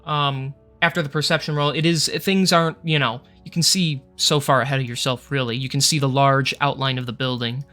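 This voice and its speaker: Bright-voiced man running a tabletop game. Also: mid-range voice, fairly even intonation, faint music behind. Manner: casual, swearing, halting with fillers. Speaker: game master.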